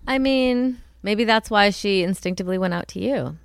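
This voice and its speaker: A woman co-hosting a podcast, chatting and reacting quickly to a story. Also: medium pitch, creaky, clear, resonant tone, no echo, studio quality. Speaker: podcast co-host. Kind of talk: casual chat.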